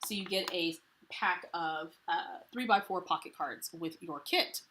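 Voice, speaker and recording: A woman's voice: on the low side, a little slow, sharp tone, a little hiss or hum. Chatty woman hosting a craft livestream. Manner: chatty, enthusiastic, greets viewers by name. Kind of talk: live unboxing demo.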